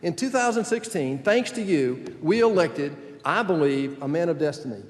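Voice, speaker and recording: Older male senator addressing a big conference hall, folksy joking storyteller, a bit higher voice, big reverb. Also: lively intonation, moderate pace. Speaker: senator giving a speech. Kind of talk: political speech to a youth conference.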